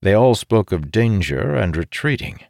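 A man narrating a fantasy story in a measured, steady way. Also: fairly low pitch, vocal fry. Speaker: audiobook narrator. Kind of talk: scripted narration.

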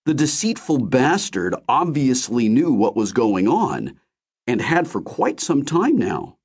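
A man narrating a novel in the first person with expressive storytelling. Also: mid-range voice, a little slow, slightly rough. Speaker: audiobook narrator.

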